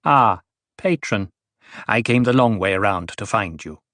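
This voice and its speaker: A man voicing a wry, riddling male dwarf jester in an audiobook, speaking in punning, singsong riddles at an unhurried pace. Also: lowish voice, animated, a bit bright, no room sound. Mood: wheedling.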